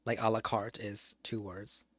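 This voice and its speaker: A streamer mutters to himself over a crossword game, spelling answers out letter by letter and cursing a little when frustrated, in casual solo commentary. His voice is on the low side, with little pitch movement and a measured pace. The recording is dry.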